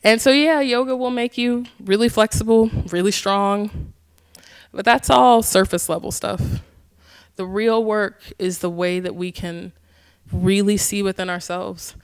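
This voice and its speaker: A young woman recounting a personal story at an author event. She talks casually and animatedly, peppering her speech with "like" and the odd swear word. Her voice sits at an ordinary middle pitch for a woman. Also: steady tone, measured pace, smooth. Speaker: yoga teacher and author. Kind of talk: candid storytelling talk.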